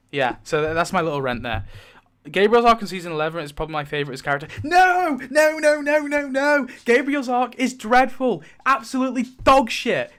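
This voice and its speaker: A high-pitched man tears into a TV series, swearing freely and breaking into laughter as he rants. His voice sits well above the usual male range, and his delivery swings between loose chat and bursts of heat. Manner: heated, swearing, laughing, animated. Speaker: show host. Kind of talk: ranting TV commentary.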